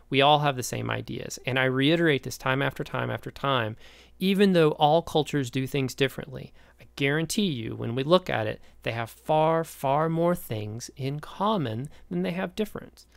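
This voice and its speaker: An American man giving a recorded lecture, telling a story from his own life in an animated way. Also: medium pitch, normal speed, vocal fry, dry recording. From United States. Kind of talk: recorded lecture with a personal anecdote.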